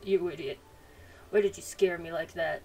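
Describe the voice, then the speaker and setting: A woman voicing a grumpy, busy male mechanic who talks in a gruff, impatient way. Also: on the low side, steady tone, normal speed, darkish tone, faint music behind, close to an everyday voice. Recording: distant mic, faint noise.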